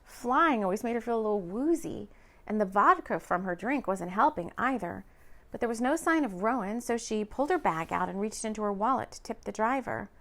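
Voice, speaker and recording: A woman narrating a romance audiobook in an expressive, lively reading. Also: mid-range voice, a little fast.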